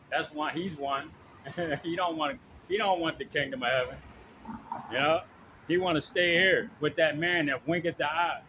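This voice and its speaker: A man's voice: on the high side, normal speed, background noise. A man preaching informally and reading scripture, with loose profane asides and frequent "okay?" checks to his listener. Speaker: street preacher.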